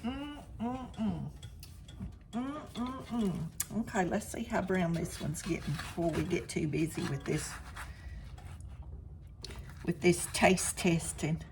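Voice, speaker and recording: Cooking at home for a casual vlog, an older woman talks directly to her viewers and eats on camera in a chatty way. She has a lowish voice with a measured pace and long pauses, over very noisy audio.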